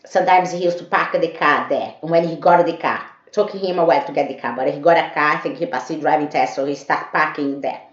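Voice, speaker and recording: A woman's voice: deep voice, fast, few pauses. A woman telling a personal story to camera, rambling and repeating herself. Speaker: vlogger. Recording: dull echoey room.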